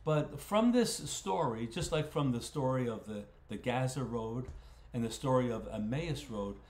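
A man's voice: medium pitch, expressive, unhurried, darkish tone, slight background noise. A man leading a casual Bible study as its pastor, talking in a folksy way and often repeating words while he thinks aloud. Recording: roomy echo.

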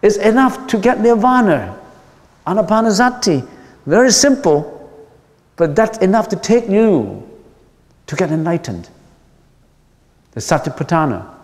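A man's voice: high voice, sing-song, measured pace, pauses often. A man, a Buddhist monk, giving a dharma lecture, repeating key phrases for emphasis and asking questions of his listeners. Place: temple lecture hall. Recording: long reverb from a large hall.

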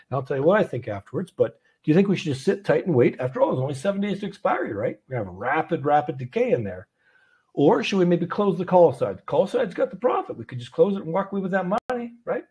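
A man's voice: a little high, darkish tone, breathy edge. A man hosting a casual options trading call, talking through a trade and putting questions to his audience. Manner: conversational, many fillers, poses questions to audience. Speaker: trading community host.

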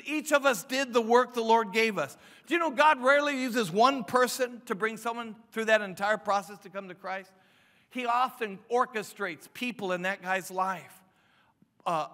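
A man's voice: high-pitched, sharp tone. A pastor in his fifties preaching a sermon, emphatic, with frequent restarts and rising questions. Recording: long hall reverb.

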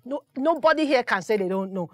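Lively woman sports presenter. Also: a little high, brisk, no echo. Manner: animated, self-deprecating storytelling. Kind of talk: roundtable discussion.

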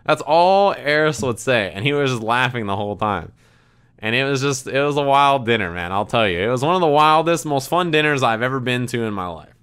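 A man in a casual stream chat, rambling through an anecdote with lots of "like" and bursts of laughter. His voice is smooth and clear, sitting at an average pitch. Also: lively intonation, a little fast, fairly bright tone. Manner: rambling, laughing, heavy use of "like". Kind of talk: casual storytelling.

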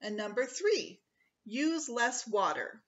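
Preschool teacher reading a kids story out loud, highish bouncy voice, kinda muffled recording. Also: female voice. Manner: slow, expressive read-aloud. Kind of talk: reading a picture book aloud.

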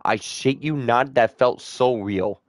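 A young man giving casual let's-play commentary, joking, swearing a lot and letting out sudden loud whoops. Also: medium pitch, takes it slowly, slight background noise. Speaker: gameplay streamer.

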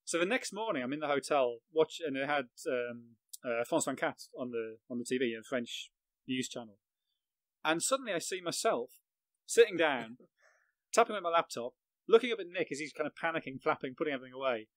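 A man's voice: mid-range voice, animated, fairly quick, fairly bright tone, no echo, low-quality recording. Dry-voiced man telling a vivid story. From England. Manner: vivid, self-mocking, laughs at own story. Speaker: football journalist, guest. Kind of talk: anecdotal storytelling on a podcast.

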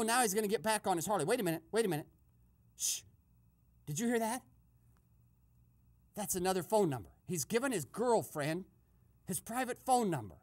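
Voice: medium pitch, lightly acted. A performer playing a nosy male eavesdropper in a comic radio sketch, giving breathless running commentary and shushing constantly.

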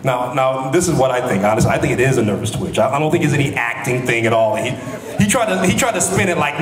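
A man's voice: medium pitch, lively intonation, fast. Joking man on a convention panel. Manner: jokey, laughing, storytelling. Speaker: panel guest. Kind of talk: casual convention panel chat. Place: large convention hall. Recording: echoey hall with crowd noise.

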